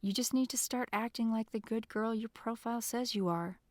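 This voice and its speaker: A gentle young man, as a woman reads him in an audiobook, hushed and reassuring. His voice sits fairly high and quiet. The recording is dry and close. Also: normal speed, no room sound, lightly acted.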